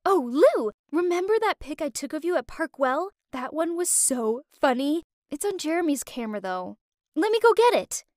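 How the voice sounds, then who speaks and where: A woman voicing an angry young woman who shouts accusations at her cheating boyfriend. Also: extremely high pitch, sing-song, moderate pace, no echo, studio quality, pitched above the performer's own voice, exaggerated voice. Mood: excited.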